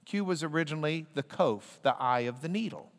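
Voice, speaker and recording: Lively teacher in a reverberant hall. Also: male voice, fairly high pitch, a little fast. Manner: playful, coaxing a class to repeat letters. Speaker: Bible class teacher. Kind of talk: classroom lesson with jokes.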